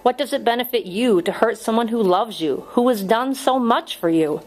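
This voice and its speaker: A woman's voice: on the high side, moderate pace, voice pushed up, natural voice, rough recording. A woman voicing an earnest young male schoolteacher in an audiobook reading, pleading with strained patience.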